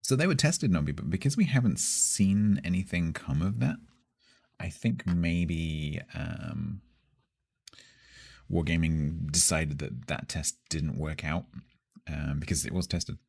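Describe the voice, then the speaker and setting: Man, very low voice, husky, relaxed streamer chat answering viewers. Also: measured pace. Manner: chatty, answers chat, chuckles often. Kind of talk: casual live-stream chat.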